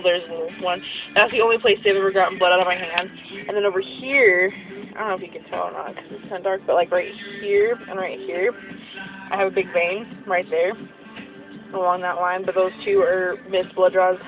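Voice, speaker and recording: A young woman venting about her medical assistant class in a vlog, ranting and acting out what others said. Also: mid-range voice. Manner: ranting, acts out quoted people. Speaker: medical assistant student vlogger. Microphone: phone camera. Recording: tinny phone audio with noise.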